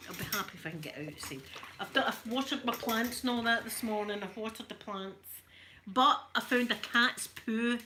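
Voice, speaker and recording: Bright-voiced chatty Scottish woman. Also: mid-range voice, slight background noise. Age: middle-aged. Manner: chatty, rambling storyteller. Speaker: ASMR creator. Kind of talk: casual chat while ironing.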